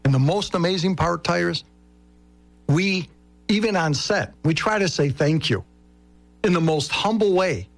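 A man's voice: high voice, animated, a little slow, creaky, pauses often, soft background music. A man talking earnestly as a guest on a radio show. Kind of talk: casual radio interview.

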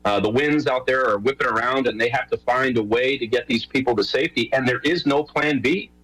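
A man's voice: medium pitch, brisk, a bit bright, low-quality recording. A middle-aged man from New York, a guest on a radio show, talking casually with lots of fillers and restarts. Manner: rambling, many fillers and restarts. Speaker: guest, show host and rowing coach.

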